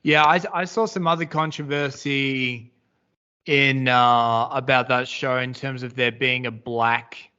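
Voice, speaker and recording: A man's voice: mid-range voice, steady tone, unhurried, pushed and bright, clear, resonant tone. A man co-hosting a podcast in casual chat, rambling and hedging, swearing now and then. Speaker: podcast co-host. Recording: slightly dull audio.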